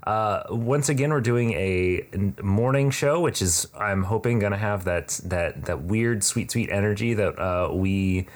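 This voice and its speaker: A man's voice: fairly low pitch, a little slow, few pauses. A man hosting a podcast in casual chat, rambling and joking with plenty of fillers. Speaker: podcast host. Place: room.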